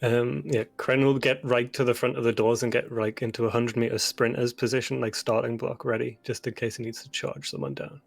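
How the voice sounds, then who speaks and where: A man playing a tabletop game online, describing his character's moves in an animated way. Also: medium pitch, a little fast, vocal fry, few pauses. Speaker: player. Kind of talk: casual game chat.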